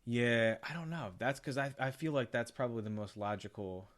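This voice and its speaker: A man's voice: mid-range voice, a little fast. Chatty young man on a movie podcast. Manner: laughs often, acts out movie lines, rambling restarts. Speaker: podcast co-host. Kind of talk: casual chat.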